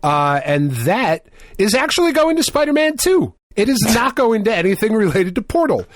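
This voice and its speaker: A man co-hosting a gaming podcast, talking loosely and cursing as he goes. His voice sits on the higher side, and he breaks into laughter often. The sound is close and dry, with no room around it. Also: very animated, moderate pace, dry recording. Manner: swears freely, laughs often. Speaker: podcast co-host. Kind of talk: casual chat.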